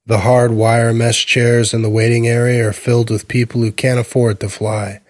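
A man narrating a fantasy short story in a measured reading voice. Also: mid-range voice, level tone, dry recording. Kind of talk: scripted fiction reading.

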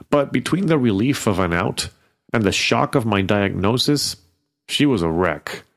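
Expressive male fiction narrator. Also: on the low side. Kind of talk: first-person fiction reading.

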